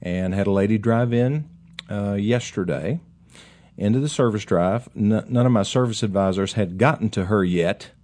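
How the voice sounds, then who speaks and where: A man's voice: fairly low pitch, moderate pace, darkish tone. A middle-aged man who owns a car dealership, hosting a casual talk segment in a folksy, rambling way with chatty asides. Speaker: car dealership owner and radio host.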